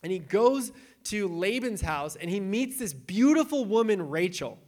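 A young adult pastor with a high voice preaches in a casual, animated, unhurried way. He retells scripture, acting out the quotes.

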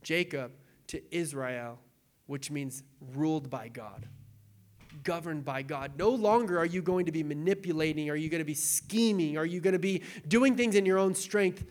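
A young adult male pastor delivers a sermon in a relaxed, conversational way, leaning on fillers and casual phrasing. His voice sits fairly high for a man. At times he turns tearful and his voice breaks. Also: moderate pace.

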